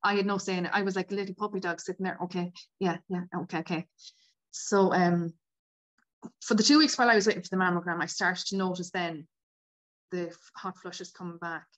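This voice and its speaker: A woman, a podcast guest telling a personal story in a lively way and acting out the people she quotes. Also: fairly low pitch, a little fast. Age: 50s. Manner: animated, acts out quoted dialogue. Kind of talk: casual storytelling.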